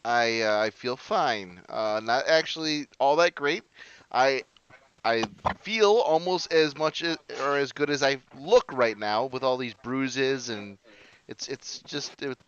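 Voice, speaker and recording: Slow, hesitant man playing a tabletop game. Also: mid-range voice, a bit bright, muffled recording, slight background noise. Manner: hesitant, halting. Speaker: player. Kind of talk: tabletop role-play.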